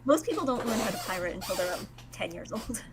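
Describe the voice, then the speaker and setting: A woman's voice: mid-range voice, expressive, fast, over a noisy crowd. A woman in her twenties hosting a game stream, chatting casually with plenty of filler words. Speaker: streamer host.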